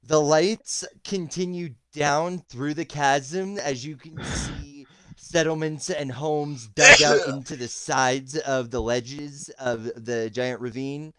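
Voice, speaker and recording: A man's voice: on the high side, fairly even intonation, slow, bright, forceful tone, clean tone, no echo. A man narrating a tabletop game as game master over a voice chat, hesitant with many ums. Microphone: voice chat call.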